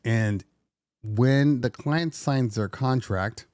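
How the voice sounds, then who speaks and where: A man's voice: medium pitch, slow, darkish tone, no room sound, clean studio sound. A middle-aged man hosting a casual DJ podcast, venting animatedly and slipping into sarcastic put-on voices. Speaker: DJ podcast host. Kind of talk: casual livestream talk.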